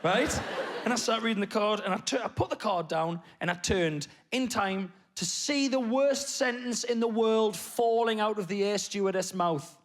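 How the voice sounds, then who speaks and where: A man doing stand-up comedy on stage, telling a story with sudden loud bursts and low muttered asides. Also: moderate pace. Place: comedy stage before a live audience.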